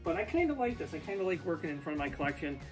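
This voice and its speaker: A man's voice: fairly high pitch, big pitch swings, rapid-fire, soft background music. Chatty man rambling off the cuff. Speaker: YouTube food reviewer. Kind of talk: casual unscripted vlog talk. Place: home basement. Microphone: ear pod.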